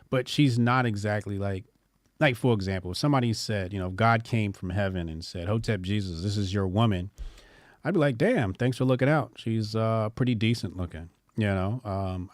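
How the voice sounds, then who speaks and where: A man's voice: on the low side, no echo, studio quality. A man hosting a casual opinion show, talking bluntly with rambling, joking asides. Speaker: commentary show host.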